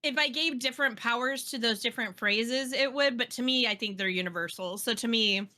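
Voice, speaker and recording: A woman's voice: a little high, fairly quick, bright, forceful tone. A woman co-hosting a casual podcast chat, chatty and self-deprecating. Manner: chatty and self-deprecating, laughs between phrases. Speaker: podcast co-host.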